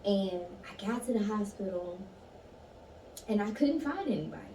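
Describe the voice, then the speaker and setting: A woman's voice: mid-range voice, animated, moderate pace, mellow. A woman in a casual conversation, telling an emotional personal story with candour. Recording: echoey room, far mic, noisy.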